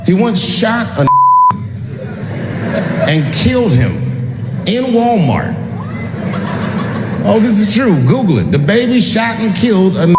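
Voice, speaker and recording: A man delivering wry stand-up comedy, building a joke in a clip. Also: high-pitched. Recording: echoey hall with loud noise.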